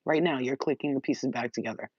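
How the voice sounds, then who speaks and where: This channeled message to viewers comes from a woman spiritual reader who gets emotional and worked up, rambling excitedly and cursing casually now and then. She talks fast in a rumbling low voice with a slightly rough quality. There's no room sound; the close, dry recording has a somewhat muffled, dull character.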